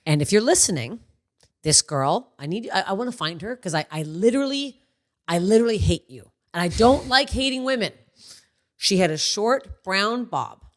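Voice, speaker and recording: Animated woman with a lively, swooping voice. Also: medium pitch, moderate pace. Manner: animated storytelling, acts out people's voices; swears freely. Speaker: podcast host. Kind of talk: casual chat.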